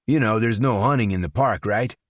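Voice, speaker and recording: An easygoing small-town mechanic who chats in a friendly way, as a male narrator puts him on. The voice is clearly raised in pitch and brighter than the narration. A dry, close audiobook reading. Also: fairly quick, dry recording, natural voice. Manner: chatty and easygoing.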